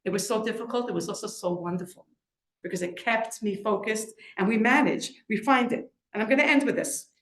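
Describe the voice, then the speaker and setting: Animated middle-aged woman lecturer, roomy echo. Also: fairly quick. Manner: animated storyteller, acts out quoted voices with big pitch leaps. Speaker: author and lecturer. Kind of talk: inspirational storytelling talk. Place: lecture event in a room.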